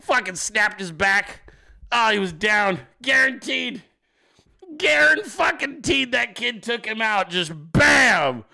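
A male host giving profane comedic political commentary, animated and often laughing. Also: very high-pitched, unhurried, creaky.

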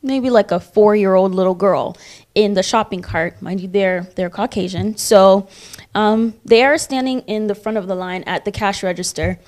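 A woman's voice: medium pitch, normal speed, darkish tone. A woman in a casual discussion, telling her story with animation and acting out the voices of the people in it.

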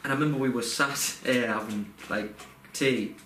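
A man's voice: medium pitch, moderate pace, a bit bright, soft background music. A young man telling a personal story in a rambling, heartfelt way, full of fillers and restarts. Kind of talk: casual podcast chat. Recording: roomy echo, faint background noise.

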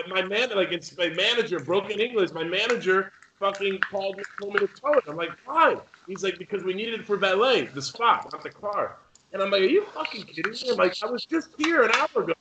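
Podcast co-host, young male, bright animated storyteller, echoey room with muffled sound. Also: fairly high pitch, a little hiss or hum. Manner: swearing, animated storyteller acting out other people. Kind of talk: casual storytelling chat.

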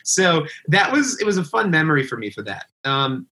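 A man's voice: on the high side, normal speed, low-quality recording. A man in his forties, a musician guest, telling road stories in a casual interview and acting out the people he quotes. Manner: animated, acts out quotes in raised voices.

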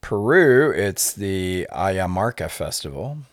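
A middle-aged man, a podcast guest, explaining things in an unhurried, lecturing way with many filler words. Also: deep voice, big pitch swings, dry recording, studio quality. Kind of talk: conversational explaining.

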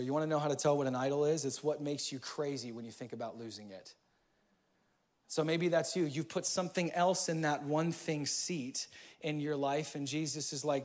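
A man in his thirties preaching a sermon in a church, casual and energetic, with slang. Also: a little high. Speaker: pastor.

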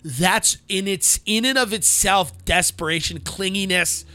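A man's voice: high voice, a little slow, pushed and bright, dry recording. A man co-hosting a podcast in casual banter, blunt, brash and profane, giving unfiltered advice. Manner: puts on mocking voices. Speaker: podcast co-host.

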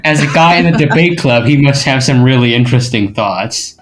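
A man co-hosting a casual podcast in a lively voice whose pitch swings widely. He teases his co-hosts and laughs often. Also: a little fast, over loud music. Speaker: podcast co-host.

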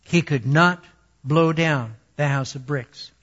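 A man reading a children's story aloud in a slightly raised voice. He speaks very slowly and deliberately, taking each sentence in turn. The recording has a dull, lo-fi sound. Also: fairly high pitch, a bit bright, slightly rough. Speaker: storyteller and Bible teacher.

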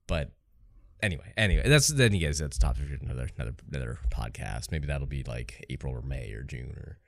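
A woman with an extremely low voice trades offhand jokes on a podcast, swearing casually. The sound is dry and close, with no room around it. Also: lively intonation, fast talker, vocal fry, no room sound. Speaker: podcast co-host.

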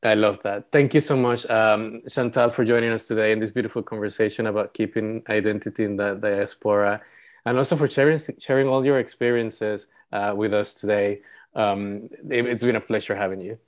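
A man's voice: on the low side, fairly even intonation, brisk. A man from Panama co-hosting a podcast, speaking appreciatively and reflectively with his guest. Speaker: podcast co-host. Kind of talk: warm interview conversation.

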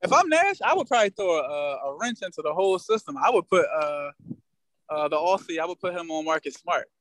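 High-voiced man arguing his sports takes. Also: animated, a little fast, fairly bright tone, dry recording. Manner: earnest, opinionated, slangy. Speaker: podcast co-host. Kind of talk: casual sports chat.

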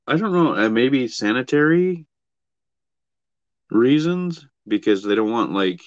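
A man's voice: on the low side, no room sound, dull audio. A man co-hosting a podcast in casual chat, blunt and profane, hedging often. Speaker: podcast co-host.

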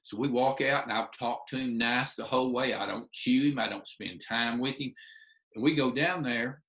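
A man's voice: medium pitch, moderate pace, echoey room. A man tells a story to an audience, acting out the dialogue with lots of restarts. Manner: animated storyteller, acts out dialogue, restarts often. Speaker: speaker telling a story from his teaching career.

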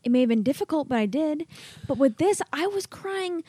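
A seventeen-year-old girl co-hosting a podcast, chatting in a bubbly, gushing way. Her voice sits high and bright-edged. It is recorded dry and close, with no echo at all. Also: animated, a little fast. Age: teenager, 17. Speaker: podcast co-host. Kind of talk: casual chat.

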